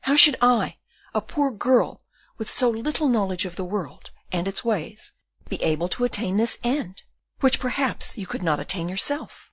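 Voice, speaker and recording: A woman's voice: mid-range voice, animated, normal speed, a bit bright, slightly rough, no echo, clean studio sound. A woman voicing a frightened, tearful young woman in an audiobook, pleading through sobs. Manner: sobbing, pleading.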